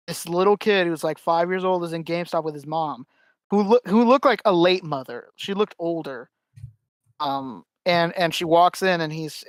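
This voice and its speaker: Higher voiced podcast guy, animated storytelling, does little voices for ppl, dry mic. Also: smooth, no echo. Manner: animated storyteller acting out quotes, swears. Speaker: podcast co-host. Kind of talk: casual chat.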